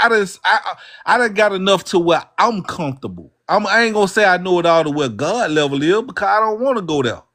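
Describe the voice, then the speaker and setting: A man with a Southern drawl rambles through a casual livestream talk, laid-back and repetitive. His voice sits a little high for a man, and he keeps circling back to the same phrases. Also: a bit bright. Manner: laid-back, rambling, says "bro" and "you hear what I'm saying".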